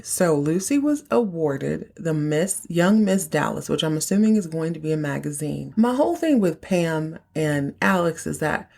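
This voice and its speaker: A woman's voice: sits low, creaky, darkish tone. A woman hosting a podcast, recapping an episode in a chatty way with playful asides. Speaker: podcast host.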